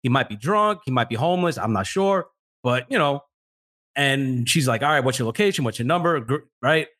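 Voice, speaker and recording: A man co-hosting a podcast tells a casual story at a fairly quick clip in a medium-pitched voice. He swears a lot and animatedly acts out what each person said.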